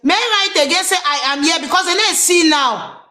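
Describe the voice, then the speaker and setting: A woman's voice: extremely high pitch, expressive, normal speed, pushed and bright, reverberant. A woman with a Nigerian accent hosting a live stream, flustered and pleading as she switches between English and pidgin.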